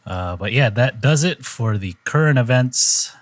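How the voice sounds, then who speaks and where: A man's voice: mid-range voice, animated, a little slow, no room sound. A young man hosting a podcast in casual chat, laid-back and rambling with fillers. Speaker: podcast host.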